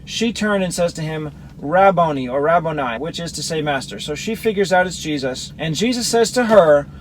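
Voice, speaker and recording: Male Bible teacher, higher voice, reads verses and then breaks them down; faint background noise. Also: expressive, brisk, low-quality recording. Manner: explanatory, reads verses then compares accounts. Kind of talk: scripture reading with commentary.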